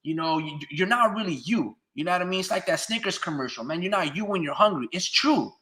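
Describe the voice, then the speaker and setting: A man's voice: high-pitched, lively intonation, a little fast, bright, forceful tone, slight background noise. A man giving blunt, profane, ranting solo commentary on a channel he hosts. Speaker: boxing commentator.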